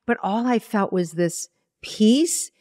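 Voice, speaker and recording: A woman's voice: medium pitch, slow pace, no room sound, clean studio sound. A woman, a spiritual teacher, earnestly telling a personal story in a podcast interview and acting out her own past words. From Iowa. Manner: earnest, animated retelling with quoted inner dialogue.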